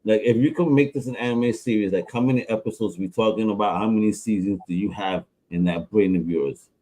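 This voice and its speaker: Animated New man hosting a podcast. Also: on the low side, a little fast, poor audio. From New York. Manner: animated, slangy, laughs often, acts out quotes. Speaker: podcast host. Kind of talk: casual interview chat.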